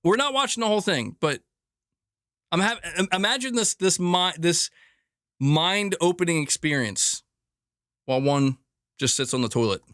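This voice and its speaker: A fairly high, bright-toned man hosts a gaming chat show, rambling and joking with frustrated asides. His voice sounds dry and close to the mic. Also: animated, normal speed, pauses often, no room sound. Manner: rambling, exasperated, jokey. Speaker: gaming news host. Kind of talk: casual chat.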